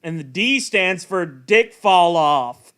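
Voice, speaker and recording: Bright crude-joking man streaming. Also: high-pitched, expressive, smooth. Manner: crude joking, quick to laugh and swear. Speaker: streamer playing a game. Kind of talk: casual chat with a co-host while gaming.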